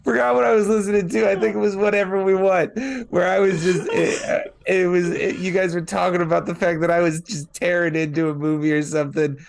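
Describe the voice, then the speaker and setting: A man's voice: high-pitched, level tone, a little fast, vocal fry, few pauses. A man co-hosting a casual movie review chat, blunt and joking, swearing freely. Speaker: podcast co-host.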